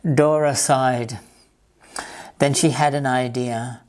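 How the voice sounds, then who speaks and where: A woman reading a picture book aloud to children as a library storyteller, in a slow, gentle, clear manner. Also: rumbling low, steady tone.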